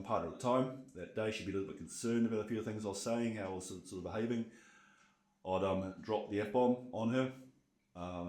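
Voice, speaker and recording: Man, New Zealand accent, forties, deep voice, fast talker, roomy echo, candid storytelling. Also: a little mellow. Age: 40s. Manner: candid, reflective storytelling with many fillers. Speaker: guest, burnout coach. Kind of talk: casual podcast interview.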